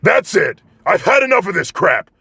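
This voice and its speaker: A man voicing an explosive, hot-tempered teenage boy hero who shouts and snarls insults, in a fan-made storybook narration. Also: high-pitched, sing-song, unhurried, creaky, breathy edge, dry recording, voice pushed up, heavily acted. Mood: enraged.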